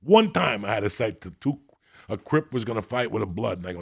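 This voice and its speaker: Middle-aged man from Cuba with a raspy, gravelly voice, a foul-mouthed storyteller who acts out his quotes. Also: on the low side, quick pace. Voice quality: gravelly, husky. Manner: profane, animated storyteller acting out quotes. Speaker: podcast guest. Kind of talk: storytelling in casual chat.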